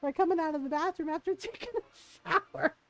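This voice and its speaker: A woman streaming a video game, chatting casually and telling a family story in an animated, laughing, swearing way. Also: very high voice, fairly quick, muffled recording.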